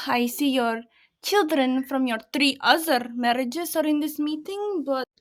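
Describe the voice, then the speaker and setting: A woman's voice: sits high, unhurried. Vampire-voiced stepmother, played by a woman. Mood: haughty. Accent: put-on foreign accent, vampire-like. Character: dramatic foreign trophy stepmother, vampire-like. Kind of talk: school play over video call.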